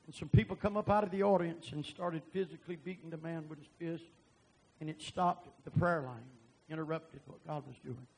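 A man preaching a sermon and telling a testimony, animated and bursting into loud emphasis. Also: on the high side, a little fast, breathy edge, low-quality recording.

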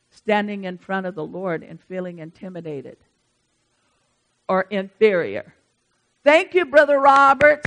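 A woman preaching a sermon in church, swinging between hushed asides and loud emphatic lines. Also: medium pitch, creaky, poor audio.

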